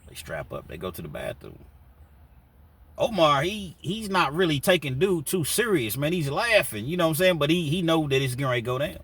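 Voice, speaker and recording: A man's voice: fairly high pitch, very animated, a little fast, a bit bright, slightly rough, distant mic. Man telling a prison story casually. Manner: loose, rambling, fillers like "you know, man". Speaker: storyteller recounting prison life.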